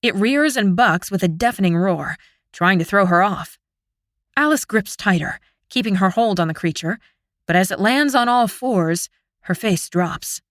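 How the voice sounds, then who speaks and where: A woman narrating a fantasy audiobook in the first person, with an expressive, dramatic reading. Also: medium pitch, unhurried, no echo, clean studio sound.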